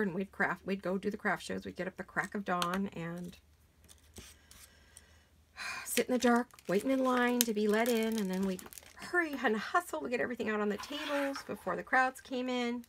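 A hoarse middle-aged woman chats away as she crafts in her home studio, her voice rough and gravelly with a froggy edge. She rambles casually from one thought to the next while working with her hands. A faint hiss sits under the recording. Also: mid-range voice, a bit bright. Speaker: crafting channel host. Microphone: camera mic while sitting back from a craft table.

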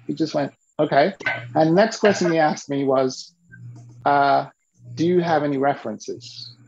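A man and business mentor telling stories to an interviewer in an animated way, acting out the voices he quotes. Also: a little high, unhurried, gravelly, slightly rough, muffled recording. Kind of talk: storytelling to an interviewer.

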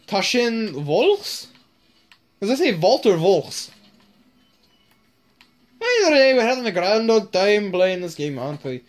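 A woman commentating on her own gameplay in a loose, casual way, swearing freely. She speaks slowly and drawls her words. Her pitch swings widely and expressively. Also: sing-song. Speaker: gamer. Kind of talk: gaming commentary.

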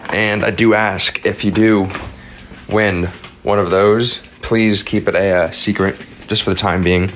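A man's voice: on the low side, steady tone, measured pace, a bit bright, slight background noise. A young man chatting casually on a phone livestream at home, reading out viewer comments and thanking them for gifts.

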